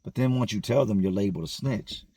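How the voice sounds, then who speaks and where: A man tells his story in a relaxed, slangy street voice, tossing in asides like he is talking to a friend. His tone sits in a middle register with a husky, slightly rough texture, and the sound is close and dry. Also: lowish voice, quick pace, dry recording. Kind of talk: casual storytelling.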